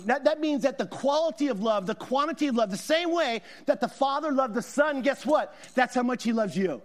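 A man's voice: very high-pitched, expressive, moderate pace. A middle-aged man, a guest pastor, preaching a sermon in a conversational, storytelling way with emphatic repetition. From Southern California.

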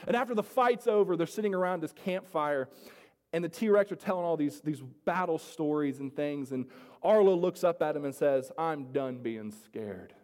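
High-voiced male pastor preaching. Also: normal speed, darkish tone. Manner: earnest, repeats phrases, addresses congregation directly. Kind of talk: sermon. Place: church sanctuary. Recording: long reverb of a large hall.

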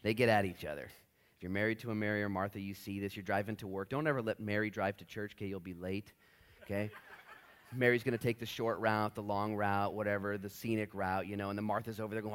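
A man preaching a sermon in a church, animated and joking, acting out short voices. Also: on the low side, fairly quick. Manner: animated, jokey, acts out voices in bursts. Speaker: pastor.

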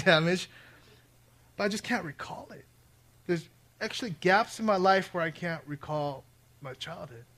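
A man delivers a sermon to a gathered audience in a fairly high voice. He drops to a hush for serious points, then gets loud and jokes with the crowd while telling stories. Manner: conversational, joking asides to the crowd; swings between hushed and loud. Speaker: preacher. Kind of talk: sermon with personal storytelling. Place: before a live audience.

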